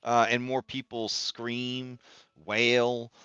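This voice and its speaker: A man's voice: mid-range voice, completely flat delivery, drawn-out words, bright, forceful tone, clear, resonant tone, no room sound, muffled recording. A man running a tabletop game as game master, narrating in a laid-back, jokey way with casual swearing.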